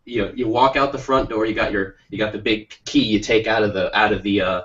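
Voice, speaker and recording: A man's voice: on the low side, steady tone, fairly quick, a bit bright. Man rambling through a jokey story on a podcast. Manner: rambling, jokey, with many restarts. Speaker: podcast co-host. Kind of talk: playful storytelling chat. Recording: muffled lo-fi stream audio.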